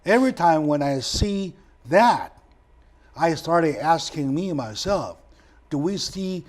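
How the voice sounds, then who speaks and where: Animated male talk show host. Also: takes it slowly. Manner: animated, emotional retelling with sudden loud raised pitch; non-native phrasing, repeats words for emphasis. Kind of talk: discussion show chat.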